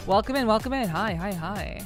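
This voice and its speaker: A woman's voice: medium pitch, animated, brisk, over music. A woman streaming a game with a slightly sore, scratchy throat, chatting casually and greeting viewers over and over. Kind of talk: casual live-stream chat.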